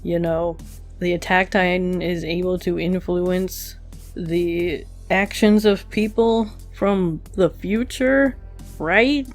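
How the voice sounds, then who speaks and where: An anime reviewer talks through an episode in a relaxed, musing way, pausing on fillers as the thoughts come. The voice sits at a middle pitch. Quiet music plays underneath. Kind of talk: casual episode review while drawing. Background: faint background music.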